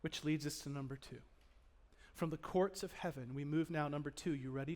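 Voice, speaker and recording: A man to a church congregation. He delivers the sermon theatrically, giving voice to the people in the story and shifting from near-whispers to loud cries as he talks straight to the people in the pews. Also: fairly high pitch, fairly quick. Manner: dramatic, acts out the speakers in the story he preaches on; swings from hushed to loud, speaks directly to the congregation. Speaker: pastor. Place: church in front of a live congregation.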